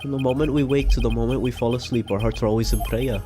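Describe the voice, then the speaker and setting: A man voicing an eager, devout young boy guide in a video game, speaking fast and earnestly. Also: medium pitch, fairly even intonation, mellow, faint music behind, close to an everyday voice. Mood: proud.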